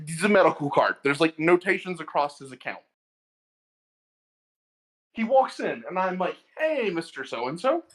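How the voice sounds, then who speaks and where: A man casually telling a long story about his day at work, stammering now and then as he co-hosts a podcast. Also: a little high. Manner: animated storytelling, stammers at starts. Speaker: podcast co-host.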